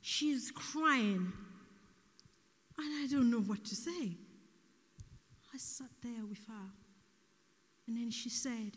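A soft-spoken woman preaching a sermon, speaking slowly and deliberately and sometimes dropping almost to a whisper, in an echoey church hall. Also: fairly high pitch, expressive.

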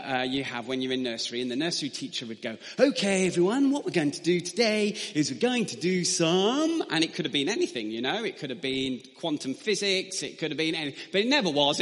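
A man's voice: on the high side, fairly bright tone, in a large hall. A man telling a funny, self-deprecating story as a preacher in a sermon. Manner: humorous, self-deprecating anecdotes.

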